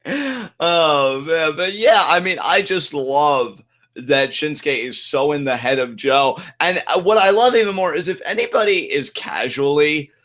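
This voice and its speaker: A man co-hosting a podcast, talking loose and excitable and tossing in "like" and "dude" all the time. His voice sits a bit high and sounds strikingly bright and forceful. It is casual back-and-forth chat. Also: unhurried. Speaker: podcast co-host.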